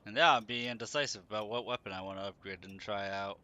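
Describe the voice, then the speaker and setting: A man's voice: on the low side, fast, pushed and bright. A tired man chatting casually as he plays a game on stream, talking back to the characters on screen. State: tired, running on caffeine. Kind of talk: casual gameplay commentary.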